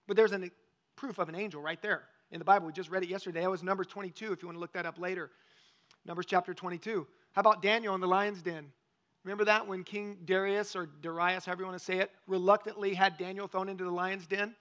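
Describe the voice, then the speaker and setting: A man's voice: high-pitched, steady tone, fast talker, a bit bright. A male pastor preaching a conversational sermon, often asking the congregation questions.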